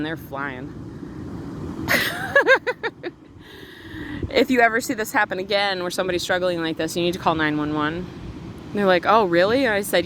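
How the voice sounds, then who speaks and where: A middle-aged woman telling a story to camera in an earnest, emotional, fast-running casual way. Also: on the low side. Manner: earnest, emotional, talks fast with run-on retelling. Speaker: spiritual vlogger. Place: outdoors on a windy beach. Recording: wind and surf noise outdoors.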